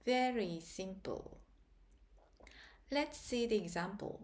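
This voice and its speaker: Woman language teacher, slow deliberate delivery, mid-pitched, patient explanations. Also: lively intonation. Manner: patient, spells out and repeats example sentences slowly. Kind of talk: slow grammar lesson narration.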